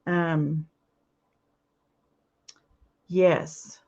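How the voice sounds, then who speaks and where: A woman's voice: low voice, little pitch movement, extremely slow. A middle-aged woman chats earnestly with her viewers while crafting. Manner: chatty, earnest, addresses viewers warmly as y'all. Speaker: craft livestream host. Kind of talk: casual chat while crafting. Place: home, indoors.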